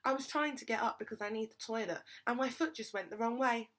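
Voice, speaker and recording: A woman's voice: high-pitched, expressive, normal speed, a bit bright, voice pushed up, heavily acted. A woman voicing a pleading young schoolgirl. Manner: eager, gabbling pleas. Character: young schoolgirl narrator, earnest and anxious.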